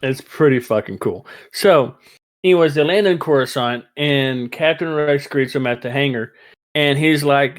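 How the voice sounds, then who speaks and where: A man hosting a casual fan podcast, talking in an excitable, rambling way and laughing easily. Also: mid-range voice, moderate pace. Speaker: podcast host.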